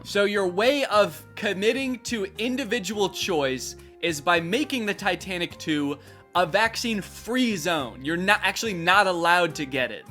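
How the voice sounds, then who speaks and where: A man's voice: high voice, animated, unhurried, pushed and bright, faint music behind. A man doing comedic reaction commentary, sarcastic and jokey, laughing at his own bits. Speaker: YouTube commentator.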